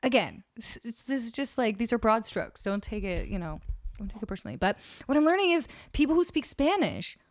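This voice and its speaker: A woman's voice: a little high, big pitch swings, a little fast, no echo, studio quality. Canadian girl streamer chatting away with her chat, voice jumps all over, laughs a lot. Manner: chatty, laughing, trailing off mid-sentence. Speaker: music livestreamer. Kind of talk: casual chat with live chat.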